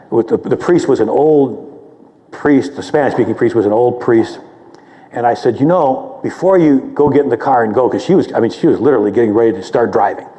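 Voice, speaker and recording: A man, a theologian, giving a public lecture and answering a question in a conversational, humble way, sometimes repeating words when he gets excited. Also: mid-range voice. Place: lecture hall. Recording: long hall reverb.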